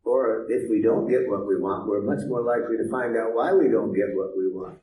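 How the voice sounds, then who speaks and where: A man's voice: lowish voice, fairly even intonation, moderate pace, mellow. A man leading a workshop with role-play, teaching in a playful, teasing storytelling manner. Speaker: workshop leader. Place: workshop room. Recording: echoey room from far off, faint hiss.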